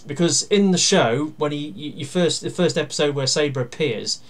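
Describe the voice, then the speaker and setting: A man giving a casual toy review. He talks through each step while handling the toy, pausing and using fillers, and grumbles dryly about its flaws. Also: a little high. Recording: steady background noise with plastic clicks.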